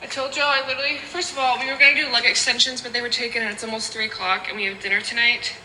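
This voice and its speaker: A woman's voice: a little high, level tone, rapid-fire, bright, forceful tone, slight background noise. A young woman in her twenties, a fitness vlogger talking casually to camera, rambling and emotional, with a stuffy nose from crying. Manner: rambling, emotional, swears freely. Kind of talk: casual vlog talk to camera. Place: walking outdoors, then at home.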